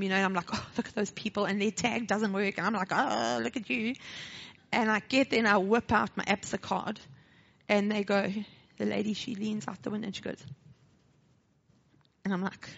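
A woman's voice: medium pitch, creaky, breathy edge. A woman with a South African accent telling a personal testimony at church, acting out the dialogue, then moving into a short sermon. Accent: South African English. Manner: animated storytelling, acting out dialogue. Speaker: church speaker sharing a testimony. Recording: dull lo-fi recording.

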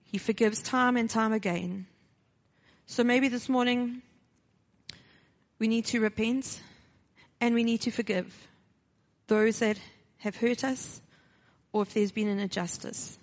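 In a dull, lo-fi recording, a woman with a South African English accent shares a personal testimony at church, acting out the dialogue with animated storytelling before shifting into a short sermon. Her voice sits on the high side, and she speaks unhurriedly with frequent pauses.

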